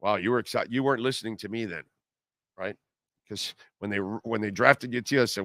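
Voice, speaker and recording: A man's voice: fairly low pitch, a little fast, a bit bright, dry recording, clean studio sound. A man hosting a live sports radio show, ranting sarcastically and reading listener comments. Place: car dealership live broadcast.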